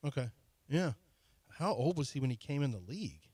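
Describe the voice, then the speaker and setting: A man's voice: medium pitch, big pitch swings, darkish tone, husky, no echo. A man co-hosting a sports talk radio show, bragging and teasing in casual banter from the studio. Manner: boastful, teasing, quick retorts.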